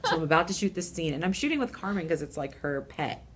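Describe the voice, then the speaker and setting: Low-voiced animated woman puppeteer. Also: fast talker, slight background noise. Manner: animated, laughing, acts out quoted voices. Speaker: puppeteer guest. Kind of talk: casual interview storytelling.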